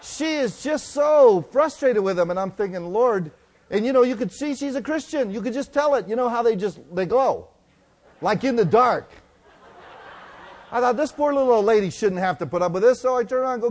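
A middle-aged man preaching a sermon, telling stories and swinging from loud to hushed. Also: very high-pitched, expressive, normal speed. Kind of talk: sermon storytelling.

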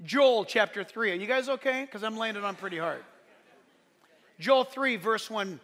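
A pastor preaching a sermon, emphatic and joking, often building to shouts. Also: male voice, high-pitched, lively intonation, a little slow, pauses often, big-room sound.

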